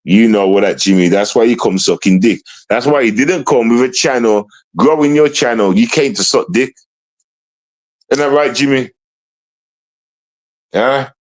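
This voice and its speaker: A man's voice: medium pitch, unhurried, long pauses, rough recording. Confrontational man ranting on a livestream. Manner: confrontational, repetitive, slangy, restarts often. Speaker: livestream host. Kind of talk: casual livestream rant.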